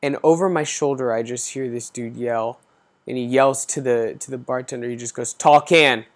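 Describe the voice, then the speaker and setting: A man's voice: mid-range voice, steady tone, normal speed, darkish tone. A man in his thirties hosting a podcast, telling an exasperated story in a casual, profane ranting way. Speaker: podcast host.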